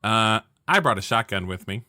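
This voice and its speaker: Male player, bright and forward voice, dry close sound, rambling and self-interrupting. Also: fairly low pitch, animated, moderate pace, no room sound. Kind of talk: playing a character in a tabletop game.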